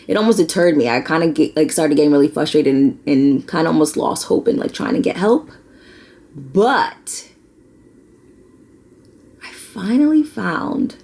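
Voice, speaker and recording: A woman's voice: low voice, darkish tone. A young American woman vlogging, chatting candidly while doing her makeup. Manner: candid, conversational, many fillers and likes.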